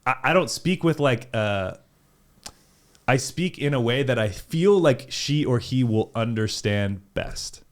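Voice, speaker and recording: A young man from California with a Californian accent, talking casually as a podcast host, animated and full of fillers and swearing. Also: mid-range voice, a little slow. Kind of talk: casual chat.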